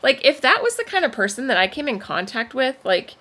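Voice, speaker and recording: A woman co-hosting a parenting podcast, telling a story in an animated, casual way. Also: fairly quick. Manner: animated storyteller with frequent pitch swings. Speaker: podcast co-host. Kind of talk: casual chat.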